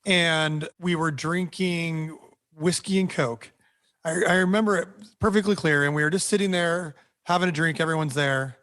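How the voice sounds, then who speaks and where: Band member man, rambling animated storyteller, slightly high voice, dry close sound. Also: normal speed, dry recording. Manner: animated, repeats words, many restarts. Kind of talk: casual storytelling.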